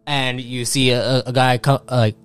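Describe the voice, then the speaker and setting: A man's voice: medium pitch, flat delivery, soft background music. A man narrating a tabletop role-playing game as game master, stumbling and restarting his sentences. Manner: halting, many restarts.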